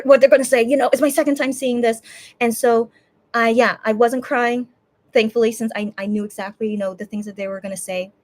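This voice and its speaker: Emotional, rambling woman vlogger. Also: fairly high pitch. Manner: emotional, rambling, many restarts and self-talk. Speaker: fan vlogger. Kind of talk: casual recap to camera.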